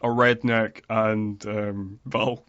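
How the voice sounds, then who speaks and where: A man's voice: on the low side, flat delivery, slow, fairly bright tone, no echo, lo-fi sound. A man co-hosting a podcast, chatting casually about a film and sharing research facts. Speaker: podcast co-host.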